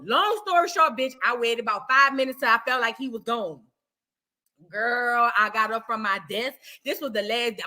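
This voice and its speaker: A woman vlogger telling a story in a casual, animated, profane and dramatic way, swinging between shouting and hushed tones. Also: on the high side.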